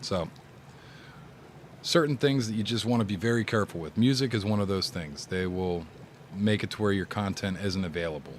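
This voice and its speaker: A man's voice: fairly low pitch, normal speed, a little hiss or hum. A man who streams games, giving casual advice in a rambling, laid-back way and often repeating his words. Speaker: gaming streamer.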